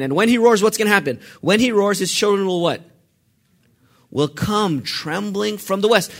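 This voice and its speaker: A male pastor preaching a sermon, asking the congregation questions and swinging between hushed and forceful delivery. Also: fairly high pitch, big pitch swings, fairly quick. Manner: asks the congregation questions and lets them fill in answers.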